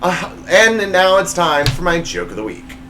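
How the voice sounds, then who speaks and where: Animated man hosting a comedy show. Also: normal speed, over music. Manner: jokey, reads punchlines with big pitch swings. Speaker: show host. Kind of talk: comedy monologue.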